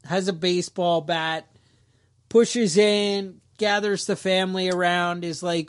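A man's voice: sits high, a little slow. A man co-hosting a podcast, casually retelling a story with jokey asides and restarts. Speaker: podcast co-host. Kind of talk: casual chat.

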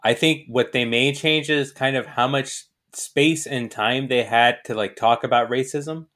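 A man talking as a podcast guest in casual chat, thoughtful and measured. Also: medium pitch, fairly even intonation, pushed and bright.

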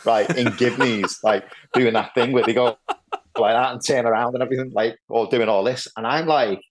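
A middle-aged man, telling lively football anecdotes as a podcast guest, peppered with "like" and "right". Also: medium pitch, brisk. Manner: animated anecdotes, lots of "like" and "right". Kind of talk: casual storytelling chat.

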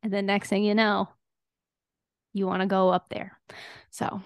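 A woman hosting a podcast, telling stories in an animated, rambling, casual way. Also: medium pitch, a little slow, smooth, no echo. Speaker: podcast host.

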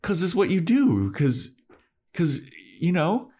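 A man's voice: sits high, wildly swooping pitch, slow, darkish tone, voice pushed up, exaggerated voice. A man voicing a desperate male vampire who pleads with his old allies for help, in a podcast recap. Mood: pleading.

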